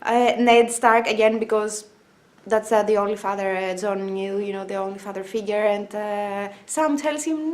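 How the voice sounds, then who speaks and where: A young woman vlogger with a medium-pitched voice talks casually about a TV episode. She's enthusiastic and emotional, with frequent pauses and filler sounds.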